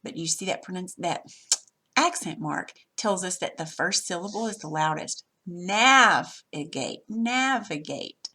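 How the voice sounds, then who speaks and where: A woman's voice: fairly low pitch, moderate pace, a bit bright, breathy edge. A woman teacher patiently walking through a worksheet lesson step by step, recorded over her screen.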